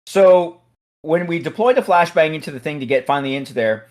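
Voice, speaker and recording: A man hosting a casual chat, telling a police story in an animated way and getting loud at the punchlines. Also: fairly high pitch, a little fast. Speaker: host, SWAT officer.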